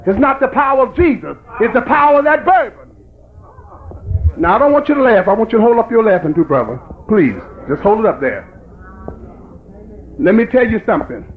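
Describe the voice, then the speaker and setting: A man preaching a fiery sermon that rises into shouting. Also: sits high, very animated, a little fast, long pauses. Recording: tinny lo-fi recording with faint hiss.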